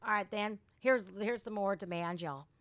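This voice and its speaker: A woman's voice: medium pitch, normal speed, a bit bright, no room sound, studio quality. Blunt sarcastic woman livestream host. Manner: blunt, sarcastic, swears freely. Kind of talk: reaction commentary. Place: at home.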